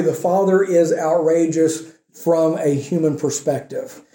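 Fairly high, mellow-voiced male preacher. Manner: emphatic preaching with rhetorical questions to the congregation. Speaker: pastor. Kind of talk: sermon. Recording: echoey room.

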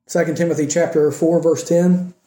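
A man preaches to his congregation, earnest and conversational, pressing his points with rising emphasis. His voice sits a little high yet sounds very dark and mellow. The sound carries the echo of a church room. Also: steady tone, normal speed. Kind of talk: sermon.

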